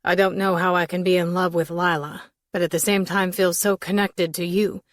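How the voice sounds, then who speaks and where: A woman reading an audiobook voices a smug, ambitious young man who speaks bluntly in a flat, matter-of-fact way. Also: fairly low pitch, normal speed, no echo, clean studio sound, close to an everyday voice. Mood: insistent.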